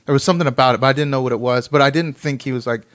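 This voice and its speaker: A man reads out an article and then riffs on it casually, rambling and cursing in his reactions. His mid-range voice is fairly bright, and he speaks rapid-fire.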